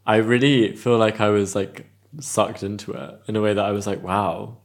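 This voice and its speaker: A man's voice: on the low side, fairly even intonation, normal speed. Dry-joking British man co-hosting. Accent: British English. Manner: dry, joking asides, soft-spoken. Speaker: podcast co-host. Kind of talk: casual chat.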